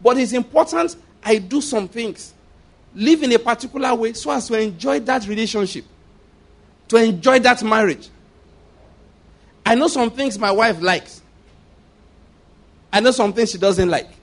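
A man's voice: extremely high pitch, unhurried, long pauses. A man preaching as a pastor in an emphatic sermon, repeating phrases and asking rhetorical questions.

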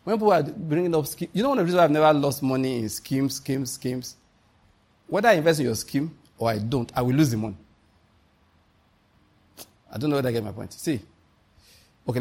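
A man's voice: mid-range voice, a little mellow, husky. A Nigerian man preaching a conversational, humorous sermon full of stories. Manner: humorous, storytelling, often laughing.

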